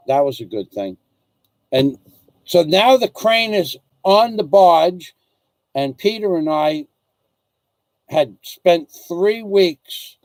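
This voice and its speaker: A middle-aged man tells a long, rambling story in a casual chat, circling back and repeating phrases as he goes. His voice sits a little high for a man. The recording is dry and close, with no room sound. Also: a little mellow, no echo. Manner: rambling, repeats himself while telling stories. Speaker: host reading viewer comments.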